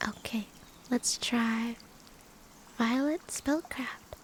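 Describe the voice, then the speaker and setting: Woman ASMR streamer, whispered stream chat, playful and teasing, a touch high-pitched. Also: drawn-out words, slight background noise. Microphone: binaural or USB mic.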